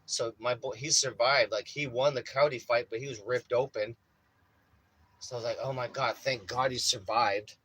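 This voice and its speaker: A man's voice: medium pitch, steady tone, normal speed, bright, forceful tone, a little hiss or hum, poor audio. A young man casually telling a rambling story full of swearing, often saying bro. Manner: profane, rambling, says bro a lot. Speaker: vlogger.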